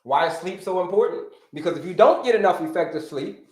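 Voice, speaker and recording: In an echoey room, a man from the United States speaks fairly quickly in a high, expressive voice through his livestream setup. He's a health coach teaching a lesson with energy, going over key points again and welcoming viewers by name.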